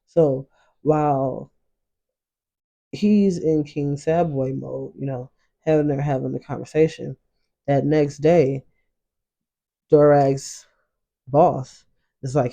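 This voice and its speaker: A man's voice: medium pitch, fairly even intonation, slow pace, vocal fry, pauses often, mellow. A man casually recapping drama episodes in loose, slangy storytelling, acting out the characters' lines as he goes. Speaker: show reaction host.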